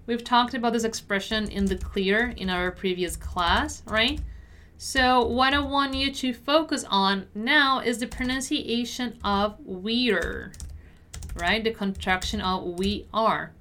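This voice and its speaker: Woman teacher slowly drilling pronunciation. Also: on the high side, sharp tone. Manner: slow, deliberate repetition of words. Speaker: English teacher. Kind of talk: pronunciation lesson.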